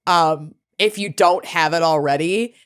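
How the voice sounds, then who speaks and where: A woman's voice: deep voice, measured pace, clear, resonant tone. Joking, blunt woman podcast co-host. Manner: joking, blunt, swears freely. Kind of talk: casual chat.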